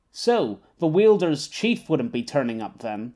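A man narrating an audiobook in a steady, wry storytelling manner. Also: a little high, unhurried, hardly any pauses. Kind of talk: scripted narration.

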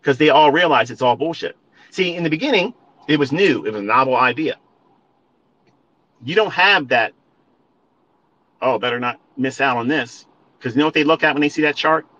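A man's voice: on the high side, animated, brisk, pauses often, sharp tone, lo-fi sound. A man ranting at listeners on a live audio stream, profane and emphatic, repeating his points and calling them folks. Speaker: trading educator.

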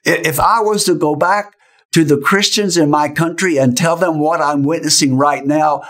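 A man voicing an astonished young woman convert who speaks in a loud stage whisper full of incredulous questions. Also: on the high side, fairly even intonation, normal speed, voice pushed up, lightly acted.

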